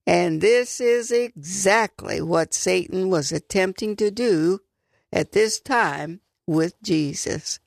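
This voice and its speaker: Earnest woman radio Bible teacher, unhurried delivery with a gravelly edge. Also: lowish voice, no room sound, clean studio sound. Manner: warm, earnest, emphatic on key words. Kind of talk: devotional radio talk.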